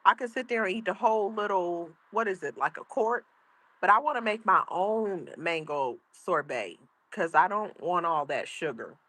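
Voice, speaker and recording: A woman's voice: lowish voice, animated, normal speed, a bit bright. A grandmother streaming casually from home, chatting and reading her chat aloud. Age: older. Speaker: livestream host. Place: outdoors at home.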